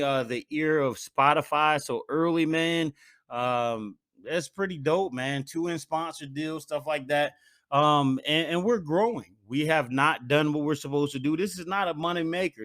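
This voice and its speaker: A man hosting a solo podcast, talking casually and getting animated, dropping "man" into almost every sentence. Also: on the high side. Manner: animated, hypes himself up, says "man" a lot. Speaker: podcast host.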